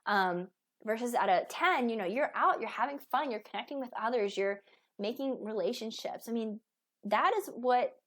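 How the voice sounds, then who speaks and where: A woman's voice: on the high side, moderate pace, fairly bright tone. Chatty woman weight loss coach. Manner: chatty, with many fillers and restarts. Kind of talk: casual motivational talk to camera.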